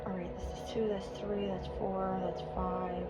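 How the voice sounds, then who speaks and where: A woman giving a live tarot reading to her viewers, emotional and quick to swear and laugh, hot and sweating in a room at home. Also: medium pitch, level tone. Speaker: tarot reader. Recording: dull lo-fi recording with music behind.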